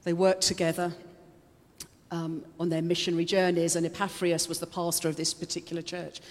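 A woman's voice: fairly low pitch, flat delivery, brisk. Emotional woman preaching in a reverberant hall. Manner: emotional, chatty, laughs often. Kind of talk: casual conversational sermon. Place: church hall.

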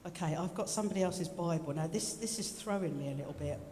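In an echoey church hall with live instrumental music playing, a woman preaches a chatty sermon full of joking asides and repeated phrases. Her voice is on the low side, fast and warm, with a little hiss or hum on the recording.

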